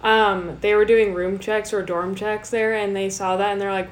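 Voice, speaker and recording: A young woman co-hosting a casual podcast, chatty and quick to laugh, with casual swearing. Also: mid-range voice, flat delivery, a little hiss or hum. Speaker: podcast co-host. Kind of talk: casual chat.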